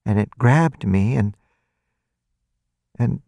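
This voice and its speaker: A man voicing a frail, frightened young woman who speaks barely above a breath, halting and apologetic. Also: medium pitch, creaky, no room sound, studio quality, voice pushed up. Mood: shaken, apologetic. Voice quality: barely audible, soft.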